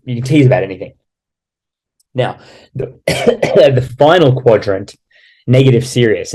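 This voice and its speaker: Man, dating coach, instructional talk, blunt, profane, warm mellow timbre. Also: fairly low pitch. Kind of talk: instructional explanation.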